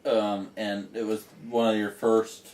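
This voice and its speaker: A man's voice: fairly low pitch, flat delivery, measured pace, a little mellow. A man hosting a podcast, chatting loosely about games, swearing and laughing often. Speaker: podcast host. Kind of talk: casual chat. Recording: roomy, distant mic, faint noise.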